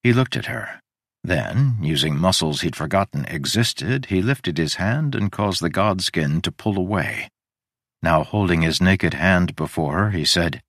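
A man narrating a story in a steady, deliberate audiobook reading. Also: low-pitched, no room sound, clean studio sound. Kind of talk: scripted narration.

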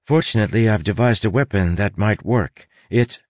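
A man's voice: fairly low pitch, moderate pace, no room sound, lightly acted. A man voicing a young woman who is anxious but determined, speaking with earnest urgency. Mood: tense.

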